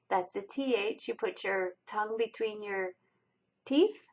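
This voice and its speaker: A woman teaching college reading skills over slides, explaining pronunciation and stressing each syllable with slow, deliberate enunciation. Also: medium pitch, a bit bright, low-quality recording. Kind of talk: recorded lecture over slides.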